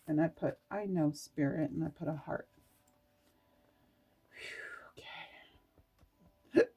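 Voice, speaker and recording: A tired woman reading aloud from an oracle card book and reflecting in a meandering, halting way with laughs. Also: fairly low pitch, warm tone, slightly rough. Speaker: spiritual oracle card reader. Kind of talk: casual spiritual vlog, reading aloud and reflecting.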